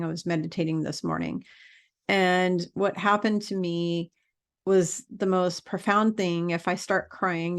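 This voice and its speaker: A woman's voice: on the low side, gravelly. A woman spiritual teacher in a casual vlog monologue, earnest and rambling with many fillers.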